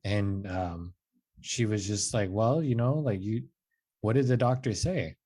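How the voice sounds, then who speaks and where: A man in his twenties talks a little slowly in a lowish voice, telling a casual personal story as a podcast guest. He animates it by acting out quoted lines with a raised voice, and "like" and "dude" come up often.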